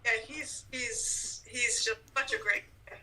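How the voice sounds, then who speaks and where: A man's voice: very high voice, fairly even intonation, unhurried, distant mic, crowd noise, rough recording. A man guesting on a podcast, telling stories in easygoing casual chat. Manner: chatty storyteller, frequent restarts.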